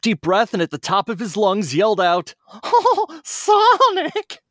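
A man's voice: fairly high pitch, dry recording, studio quality. A man who co-hosts a podcast, reading a children's story aloud in a playful way and chatting casually. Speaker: podcast co-host.

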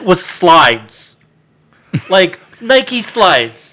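A man on a casual podcast, telling a story with lots of swearing and loud acted-out quotes. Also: mid-range voice, fast.

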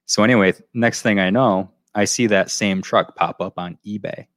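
Very low-voiced rambling male podcaster. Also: fairly even intonation, normal speed, a bit bright, dry recording. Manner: rambling storyteller, loops back with "so anyway". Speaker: podcast co-host. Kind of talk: casual chat.

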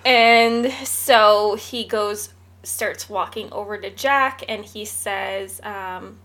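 A woman's voice: medium pitch, steady tone, slow, fairly bright tone. A woman co-hosting a casual podcast chat, retelling film scenes and quoting lines as she goes. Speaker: podcast co-host.

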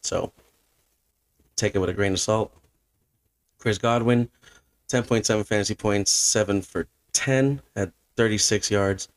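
Blunt low-voiced man recapping football. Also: fairly even intonation, a little slow, pauses often, no echo. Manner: blunt, opinionated, exasperated. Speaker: podcast host. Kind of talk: fantasy football recap commentary.

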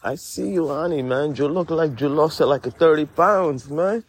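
A man's voice: a little high, a little slow, breathy edge. A man playing a pushy, rambling DJ with a Spanish accent, who teases his friend and ends every phrase with "man" in an improvised comedy podcast sketch. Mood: teasing. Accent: Spanish-accented English. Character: brash, pushy male DJ who says "man" constantly.

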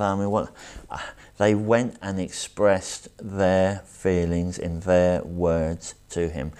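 Male preacher, low voice, earnest and reflective sermon delivery with weighty pauses. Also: fairly even intonation, mellow, smooth. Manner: earnest, reflective, slows down for emphasis. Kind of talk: sermon with scripture reading.

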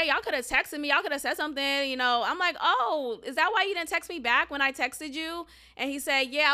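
A young adult woman hosting a podcast, telling a personal story in a candid, animated way and swearing freely. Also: high-pitched. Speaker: podcast host. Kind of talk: casual storytelling monologue.

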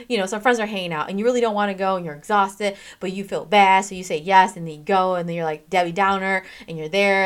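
A chatty woman hosting a self-help talk, her voice in a middle register. She talks with emphatic, animated energy, speeding up and slowing down and leaning hard on key words. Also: mid-range voice. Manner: emphatic, chatty, frequent "okay?" and "freaking"; animated, swings in pace and loudness, laughs often. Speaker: self-help podcast host. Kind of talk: casual motivational talk.

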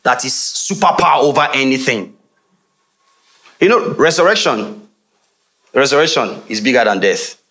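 Pausing often, a man with a medium-pitched voice preaches at a normal pace and keeps asking his congregation questions. It's lively call-and-response, full of laughter and casual asides.

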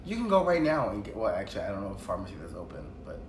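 A man chatting casually and telling animated stories while doing makeup with a friend. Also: on the low side, rapid-fire. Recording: echoey room, distant mic, noisy background.

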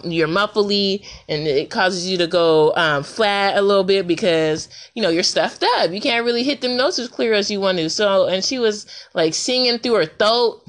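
A woman talking casually into a recorder, telling a story in an animated, colloquial way and laughing often. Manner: animated storytelling, jumps high for reactions. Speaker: podcaster. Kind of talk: casual monologue. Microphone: handheld recorder.

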